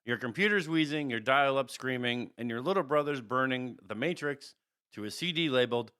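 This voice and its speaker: A man co-hosting a podcast, reading out a comic scenario in a deadpan way amid casual chat. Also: medium pitch, fairly quick, clean tone. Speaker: podcast co-host.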